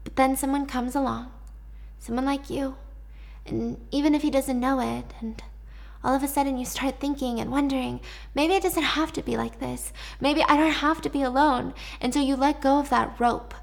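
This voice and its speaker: A woman voicing a needy, manipulative young woman in captivity, talking softly and pleadingly. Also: sits high, steady tone, moderate pace, vocal fry, voice pushed up.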